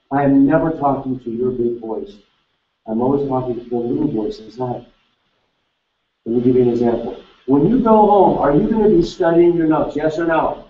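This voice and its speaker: A man leading a live seminar, energetically quizzing the audience with quick questions. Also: fairly high pitch. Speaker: seminar speaker. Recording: echoey hall, distant mic, dull sound.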